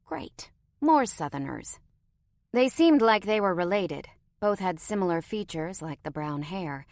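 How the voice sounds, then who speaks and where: A woman's voice: fairly low pitch, expressive, unhurried, a little mellow, no room sound. A woman narrating a story in the first person with a wry, conversational tone, recorded close to the microphone.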